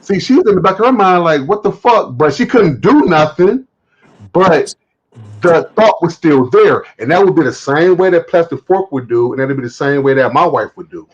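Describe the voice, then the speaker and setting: A man hosting a live stream, telling stories in a casual, animated way and acting out quotes, with some swearing. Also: a little high, normal speed, muffled recording.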